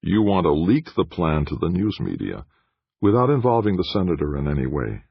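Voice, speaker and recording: A man's voice: deep voice, very animated, brisk, creaky, slightly rough, no echo, highs cut off, full character voice. A man voicing a slick, breezy male PR director who talks in a glib, joking way.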